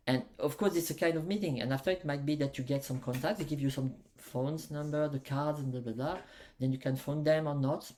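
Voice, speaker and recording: A man with a French accent, a musician guest in a casual interview, speaking halting English and acting out stories in quoted voices. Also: on the high side, darkish tone. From France.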